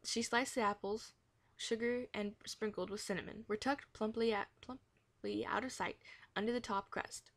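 Lady reading a kids' chapter book out loud, gentle, stumbles and fixes a word here and there. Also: medium pitch, steady tone, moderate pace. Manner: gentle, with occasional self-corrections. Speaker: reader of a children's book. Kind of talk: storybook read-aloud.

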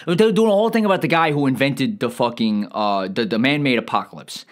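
Man, comedic movie rant, profane, rambling, exasperated, rapid-fire. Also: medium pitch, lively intonation. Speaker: comedic ranting reviewer.

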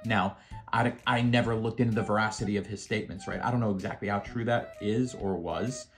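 A man in his fifties with a fairly low voice spins a relaxed, conversational yarn from his service days. He tosses in dry asides straight to the listener, and soft guitar plays faintly behind him. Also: a little fast. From United States. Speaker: former Marine telling stories. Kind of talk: casual anecdotal storytelling.

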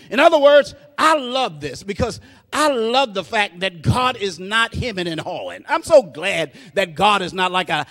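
A male preacher delivering a fervent sermon, calling out to the congregation, peppering his speech with praise and building into shouted, rhythmic refrains. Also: high voice, lively intonation, moderate pace. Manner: fervent, call-and-response preaching.

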